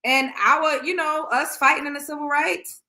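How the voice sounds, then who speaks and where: A woman's voice: high voice, steady tone, moderate pace, bright, forceful tone. A woman hosting a livestream, chatting in slang with her viewers. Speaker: show host. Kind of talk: casual livestream chat.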